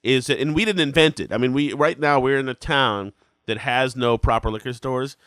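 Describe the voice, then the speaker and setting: A man's voice: medium pitch, moderate pace, fairly bright tone, smooth, dry recording, clean studio sound. A man with a cold hosting a podcast, asking wry, probing questions in casual chat. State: has a cold. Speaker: podcast host.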